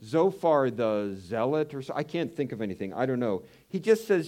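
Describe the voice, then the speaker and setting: A man preaching a conversational Bible teaching, animated and telling personal stories. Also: fairly low pitch, moderate pace, hardly any pauses. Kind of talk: sermon.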